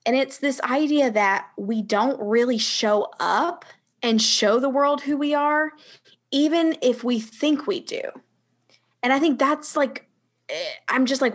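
A woman's voice: high voice, unhurried. A woman hosting an interview, eagerly prompting her guest to say more. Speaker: interview host. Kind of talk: conversational interview.

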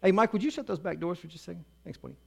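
A middle-aged male pastor preaching a sermon in a conversational way, with humor and quick acted-out asides. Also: high voice, vocal fry, slightly rough.

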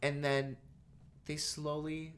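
A man's voice: fairly high pitch, completely flat delivery, slow pace, fairly bright tone, slight background noise. Brief: young male co-host, casual and playful, swears freely, loops on words. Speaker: podcast co-host. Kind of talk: casual film chat.

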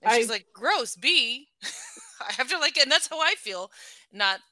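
A middle-aged woman in a casual book talk, her voice very bright and sharp. The sound is dry and close, with no room around her. She talks in an animated way, laughs often, and fills her sentences with "like.". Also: fairly high pitch, a little fast, no room sound.

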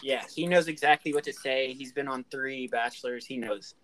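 A man's voice: medium pitch, moderate pace, a bit bright, rough recording. A young man in casual chat with friends, joking and acting out what other people say. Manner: joking, acts out others' lines.

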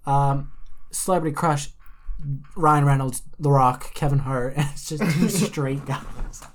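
A young man from Alberta, co-hosting a casual podcast with quick, joking banter. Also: medium pitch, slight background noise. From Alberta, Canada. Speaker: podcast co-host. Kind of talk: casual chat. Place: bedroom.

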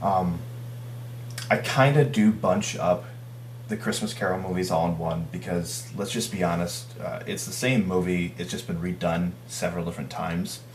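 A man's voice: deep voice, normal speed, roomy sound, slight background noise. A man co-hosting a casual chat, giving blunt, opinionated takes.

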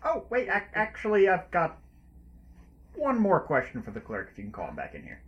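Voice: mid-range voice, fairly quick. A tabletop game player haggling and wheedling in character. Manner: lively, wheedling negotiator. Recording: dull lo-fi sound.

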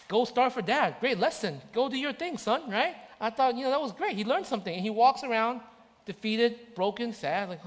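A man preaching a sermon as pastor, impassioned and repetitive. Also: sits high. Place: church. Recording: church hall reverb.

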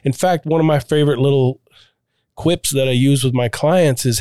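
A man's voice: medium pitch, brisk, a little mellow, clean tone, dry recording, clean studio sound. A man hosting a casual podcast conversation, reflective and thinking aloud, with frequent restarts. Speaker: podcast host, coach to clients.

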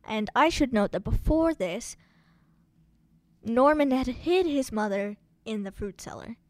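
Co-host, woman, high voice, slow unhurried delivery, chatty film recap. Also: dry recording. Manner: chatty, animated storytelling. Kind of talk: casual film recap chat.

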